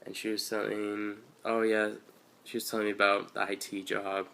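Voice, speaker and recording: An eighteen-year-old vlogger from Washington State tells a first-person story for his video channel, rambling and offhand with loose, slangy asides, recorded on a handheld camera or phone. His voice is lowish and monotone at a moderate pace, with vocal fry and a pushed, bright quality.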